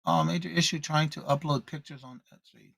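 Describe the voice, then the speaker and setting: On a morning live stream he co-hosts, a man reads viewers' comments and welcomes each by name using the same greeting, keeping things casual and upbeat. His voice is bright, slightly high and creaky, with a steady tone and brisk pace, captured close and dry without room sound.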